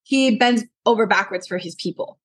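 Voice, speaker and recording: A young adult woman from Colorado, a podcast guest, talking earnestly and telling animated stories with lots of fillers. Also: mid-range voice, normal speed, slightly rough. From Colorado, USA. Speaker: podcast guest, martial arts instructor. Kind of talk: casual interview talk.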